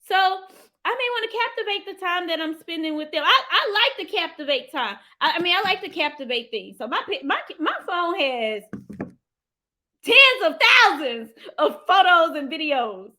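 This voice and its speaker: A woman hosting a motivational live stream. She talks in an animated, heartfelt way, lets out sudden whoops and calls her viewers "y'all". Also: extremely high pitch, normal speed. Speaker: livestream host and financial coach.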